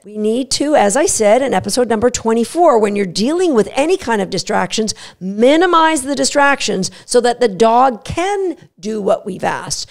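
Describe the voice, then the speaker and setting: Energetic woman with a gravelly voice. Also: a little high. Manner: energetic, acts out the dog's voice in quick asides. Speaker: podcast host and dog trainer. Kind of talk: solo podcast teaching.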